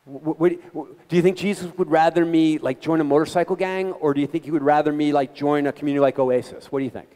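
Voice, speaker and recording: A middle-aged man giving an animated, conversational talk to a gathering, telling stories with quoted voices and frequent restarts. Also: a little high, quick pace, hardly any pauses, in a large hall. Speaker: guest speaker. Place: meeting hall.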